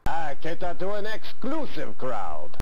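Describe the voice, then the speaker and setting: A sleazy fake-French photographer. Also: male voice, fairly high pitch, huge pitch swings, a little slow, slight background noise, full character voice. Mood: haughty. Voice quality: exaggerated fake French accent. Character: sleazy pompous male photographer with a put-on French accent. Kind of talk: full-motion video game acting.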